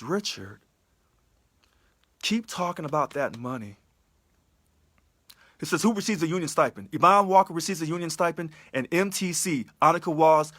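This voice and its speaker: A man's voice: on the high side, a bit bright, no echo. A man giving an impassioned livestream address as a union election candidate, emphatic, full of repeated rhetorical questions. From California.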